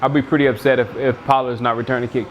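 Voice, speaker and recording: A man's voice: mid-range voice, flat delivery, quick pace, highs cut off, a little hiss or hum. A man hosting a football watchalong, chatting casually and rambling as he thinks aloud, a bit sleepy. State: sleepy, yawning. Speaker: watchalong host. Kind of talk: casual live chat commentary.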